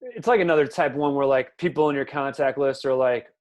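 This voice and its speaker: A man's voice: medium pitch, fairly quick. A man in his thirties hosting a podcast in casual chat, rambling and loose, with lots of "like" and "you know". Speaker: podcast host.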